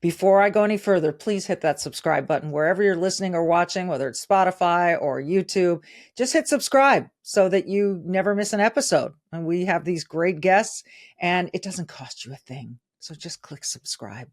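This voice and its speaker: Lower-voiced woman hosting an interview. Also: expressive, moderate pace. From California. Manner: enthusiastic, direct. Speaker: podcast host. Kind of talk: conversational interview.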